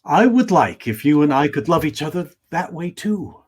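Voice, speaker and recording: An actor playing a reformed old miser, Scrooge, who stammers, giggles and gets emotional in a comic holiday play. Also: male voice, on the high side, very animated, moderate pace, rough recording. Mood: heartfelt.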